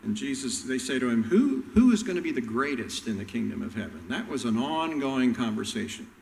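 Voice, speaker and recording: A man preaching a sermon, telling Bible stories and acting out the characters' lines with animated voices. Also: mid-range voice, fairly quick, creaky, long reverb tail, poor audio. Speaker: pastor.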